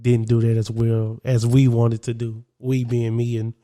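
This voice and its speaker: A young man co-hosting a casual podcast chat, animated and quick to laugh. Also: mid-range voice. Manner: animated, laughs often, drops into his own self-talk. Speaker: podcast co-host.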